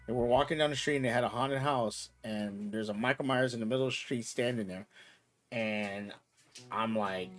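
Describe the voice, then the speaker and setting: A man in his thirties, host of a casual chat show, talking loosely and getting loud and worked up when he rants. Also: medium pitch, normal speed, faint music behind. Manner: animated, gets loud and excited when ranting. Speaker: podcast host.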